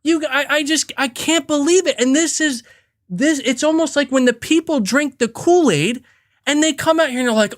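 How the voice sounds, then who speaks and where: A man's voice: extremely high pitch, normal speed. A man hosting a podcast who launches into a heated, profane, emphatic rant, stumbling and restarting as he talks. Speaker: podcast host.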